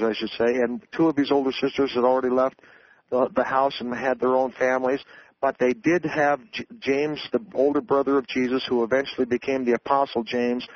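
A man's voice: mid-range voice, no echo. An author speaks as a guest in a radio interview. He lays out his claims in an earnest, lecturing way, with many fillers and restarts. The sound is dry and a little dull, like old radio.

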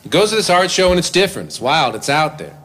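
A man performing live, telling a comic story between songs in an animated, self-deprecating way into a stage microphone. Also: a little high, fast. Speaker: comedic musician performing live. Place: live venue with audience.

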